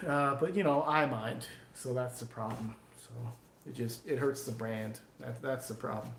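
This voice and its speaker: A man, a knifemaker, talking on a loud, profane and tipsy live stream, acting out imagined critics. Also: medium pitch, moderate pace, creaky, reverberant, a little hiss or hum. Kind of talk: casual live-stream chat.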